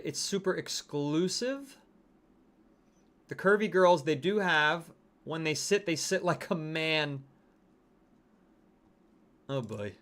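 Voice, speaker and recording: A chatty livestream host, a man whose voice is a little high and a bit bright, talks casually during a game. He responds to game skins and the chat and reads viewers' comments aloud.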